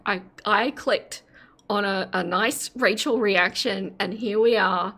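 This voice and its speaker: Slow-talking giggly Australian woman. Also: mid-range voice, a bit bright. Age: 40s. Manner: giggly, breaks into laughter often. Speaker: live streamer. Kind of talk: casual live-stream chat.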